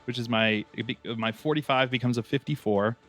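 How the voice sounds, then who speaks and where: A man playing a tabletop game, joking, laughing and working through dice math out loud. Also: mid-range voice, a little fast, soft background music. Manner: jokey, laughs often, works through dice math aloud. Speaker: player. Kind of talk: casual tabletop game chat.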